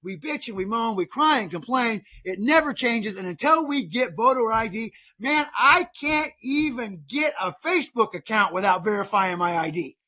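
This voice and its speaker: Fired-up ranting man with a high, bright voice. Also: animated, moderate pace, hardly any pauses. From United States. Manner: heated, ranting, repeats words and restarts. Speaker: podcast host. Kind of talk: political podcast rant.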